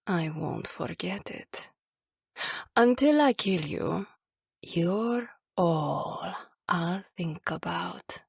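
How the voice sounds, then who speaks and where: Sniper Wolf, slow and breathy with a Kurdish accent. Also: female voice, lowish voice, lively intonation, no room sound, studio quality, full character voice. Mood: menacing taunt. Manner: slow, breathy, half-whispered taunting. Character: menacing seductive female enemy sniper, cruel. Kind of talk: audiobook character voice.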